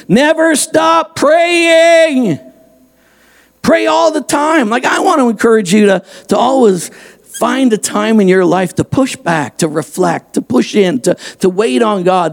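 A male pastor preaching a sermon in a church, emphatic and energetic, repeating his key lines. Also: high voice, creaky. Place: church sanctuary, also streamed online.

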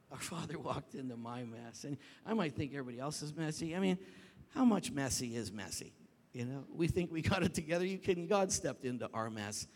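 A man preaching a sermon as pastor, telling stories in an animated way that climbs to shouts. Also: mid-range voice. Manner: animated storytelling, rising to shouts when reenacting. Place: church sanctuary. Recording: long reverb of a large hall.

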